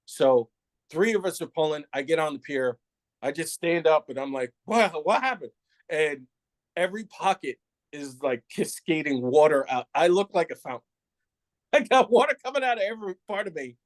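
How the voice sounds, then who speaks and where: Animated storytelling man, fairly high voice. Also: moderate pace, dry recording. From New York City. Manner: animated, laughs often, acts out others' lines. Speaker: retired police officer, guest. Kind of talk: candid storytelling.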